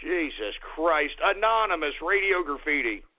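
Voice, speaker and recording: A man's voice: a little high, big pitch swings, normal speed, phone-quality sound. A man hosting a call-in radio show, his voice sped up and chipmunk-like, ranting and swearing at callers. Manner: exasperated, swearing, shouting rants.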